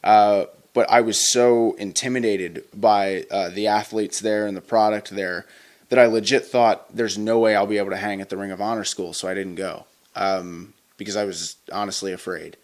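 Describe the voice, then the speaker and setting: On the low side and fairly even in intonation, this young man's voice moves at a moderate pace. He's a wrestler in his twenties being interviewed, casually rambling through stories with many fillers and restarts.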